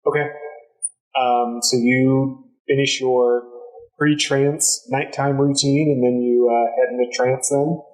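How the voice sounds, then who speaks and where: A man running a tabletop game as game master, narrating in a halting way with many pauses. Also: mid-range voice, flat delivery, a little mellow, soft background music, low-quality recording. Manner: halting, lots of ums and uhs.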